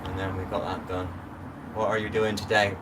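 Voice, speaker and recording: A man's voice: low voice, flat delivery, brisk. A middle-aged man chatting casually on a live stream, rambling and greeting viewers by name. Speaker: livestream host. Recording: distant phone mic with noise.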